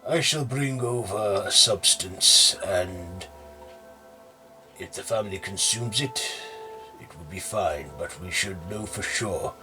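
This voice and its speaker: A man voicing a calm, earnest priest in a horror story, speaking formally and in measured phrases. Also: deep voice, over music.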